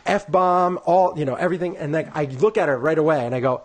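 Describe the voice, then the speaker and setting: A man's voice: a little high, fairly quick. Chatty man co-hosting a sports podcast. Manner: rambling, full of "like" and "you know"; acts out quoted people in lively voices. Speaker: podcast co-host. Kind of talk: casual storytelling chat.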